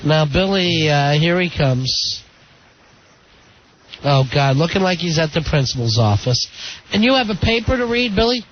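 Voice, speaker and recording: A man's voice: on the high side, lively intonation, normal speed. A man hosting a radio talk show, chatting casually and telling stories. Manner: chatty, storytelling. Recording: dull lo-fi radio broadcast with faint noise.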